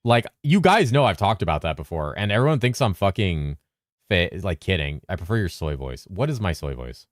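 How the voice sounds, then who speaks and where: A man with a very deep voice, chatting casually on a game stream, reading messages from chat aloud and answering them with casual swearing. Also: dry recording, clean studio sound. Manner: lively presenter inflection at times, drops into a flatter low voice at other times; talks fast to keep up with chat.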